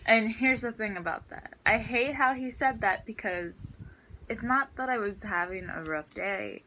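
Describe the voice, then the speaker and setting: A woman's voice: medium pitch, moderate pace, pushed and bright, a little hiss or hum, poor audio. A teenage girl ranting in a storytime vlog about her school day, exasperated and full of fillers. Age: teens. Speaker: student vlogger.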